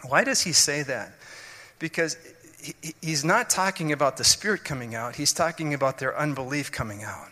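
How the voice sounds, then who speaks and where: Guy preaching a sermon, earnest, keeps restarting his sentences, bright sharp voice, big echoey hall. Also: on the high side, animated, normal speed. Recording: long hall reverb.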